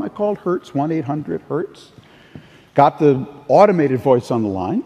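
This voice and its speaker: A man's voice: fairly high pitch, sing-song, measured pace, mellow, highs cut off. An older man giving a conference keynote, telling anecdotes in a storytelling way with occasional restarts. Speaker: keynote speaker. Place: large conference hall. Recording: distant, echoey hall sound.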